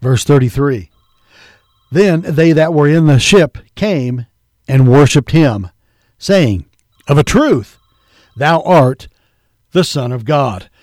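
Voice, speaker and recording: A man's voice: a little high, animated, slow, long pauses, a little mellow, dry recording, clean studio sound. A man preaching a sermon, reading scripture aloud and calling his listeners folks. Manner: earnest preaching, reads scripture in King James wording; addresses listeners as folks and believer.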